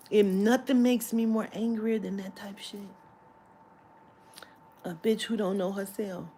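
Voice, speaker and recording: A woman's voice: fairly low pitch, mellow, slight background noise. Woman ranting through a profane story. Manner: profane, heated storytelling with laughter. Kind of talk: storytime rant.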